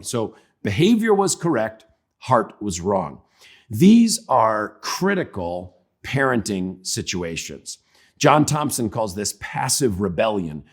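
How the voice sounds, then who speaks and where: A man giving a Christian parenting talk in a conversational, humorous way. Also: fairly low pitch. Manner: conversational, humorous, acts out examples. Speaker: parenting speaker.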